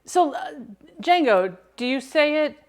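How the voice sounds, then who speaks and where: A woman's voice: high-pitched, big pitch swings, measured pace. A woman hosting a casual cooking livestream from her kitchen, chatting to viewers, humming and singing along, and laughing often.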